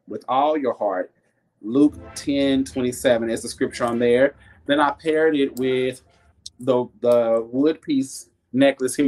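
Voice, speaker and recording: A man hosting a casual live jewelry sales stream, chatty and laughing often, reading viewer comments aloud and talking about his faith. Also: mid-range voice. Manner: warm and churchy, talks faith.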